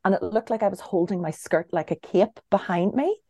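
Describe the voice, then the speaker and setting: A woman's voice: mid-range voice, a little fast, no echo. A young woman co-hosting a casual chat, telling a funny story and laughing through it. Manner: lively storyteller, laughing through her own tale. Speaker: podcast co-host.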